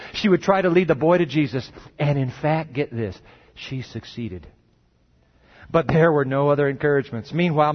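A man preaching a sermon, telling a story dramatically and dropping his voice low and slow for emphasis. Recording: dull lo-fi recording.

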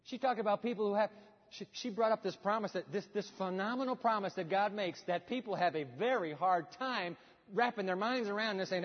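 A male pastor preaching a sermon, retelling scripture in an animated way and asking the congregation questions. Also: sits high, fairly quick. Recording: dull sound with long hall reverb.

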